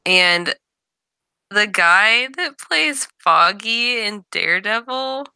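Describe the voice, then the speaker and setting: A woman's voice: mid-range voice, lively intonation, slow, bright, forceful tone, clean tone, dry recording. A woman co-hosting a casual chat show, talking chattily and readily sharing her opinions.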